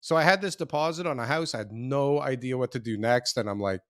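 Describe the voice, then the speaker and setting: A man's voice: medium pitch, fast talker, fairly bright tone, no room sound, studio quality. A man in his forties, a real estate developer and interview guest, telling his story in a rambling, self-deprecating way with many restarts. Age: 40s.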